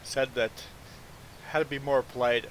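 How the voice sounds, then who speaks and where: Animated man telling a story, often stammering. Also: medium pitch, moderate pace, slight background noise, poor audio. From Belize. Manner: animated, stammers on repeated "I"s, acts out the people he quotes. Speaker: game streamer. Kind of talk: casual storytelling while livestreaming a farming game.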